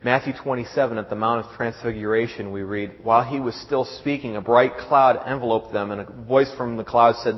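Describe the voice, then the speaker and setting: Halting preacher man in a reverberant hall. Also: medium pitch, steady tone. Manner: halting, repeats words, reads scripture aloud. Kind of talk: sermon. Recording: dull sound with long hall reverb.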